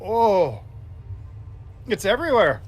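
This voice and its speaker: A man's voice: high voice, big pitch swings, takes it slowly, breathy edge. A man co-hosting a gaming stream, reacting nervously and laughing while eating hot wings.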